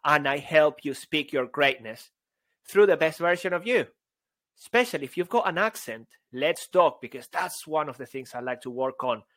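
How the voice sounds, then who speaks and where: A man co-hosting a podcast as a speaking coach, joking around, breaking into song and bursts of shouting. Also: fairly high pitch, animated, normal speed, no room sound. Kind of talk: playful podcast banter.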